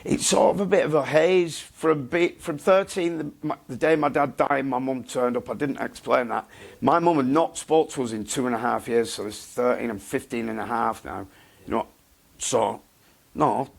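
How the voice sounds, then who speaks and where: A man speaks in a gravelly, husky voice. He answers bluntly and haltingly and circles back over his own words, like a guest in a candid interview. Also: mid-range voice. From England. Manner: blunt, halting, repeats himself.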